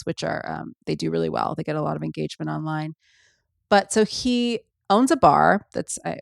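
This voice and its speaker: A woman's voice: sits low, vocal fry, no echo, studio quality. A woman hosting a solo podcast, chatting casually and rambling with many ums and asides. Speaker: podcast host.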